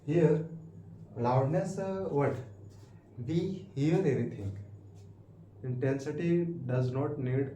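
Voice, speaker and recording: A man with an Indian English accent teaching a physics lesson, halting and repetitive, asking the class questions. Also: on the high side, mellow. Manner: halting, repeats words and restarts, asks questions. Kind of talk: classroom lecture. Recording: echoey room with faint background hiss.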